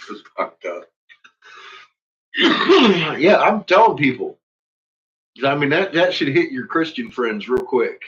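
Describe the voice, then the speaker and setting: A man's voice: mid-range voice, sing-song, slow, a bit bright, breathy edge. A man ranting casually into his vlog, swearing heavily and laughing often. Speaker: vlogger. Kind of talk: casual profane rant. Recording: dull lo-fi recording.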